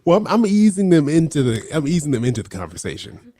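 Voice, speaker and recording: A man's voice: a little high, sing-song, fast, warm tone, dry recording. A man co-hosting a casual live chat, laughing often and playfully teasing his co-host. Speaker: podcast co-host.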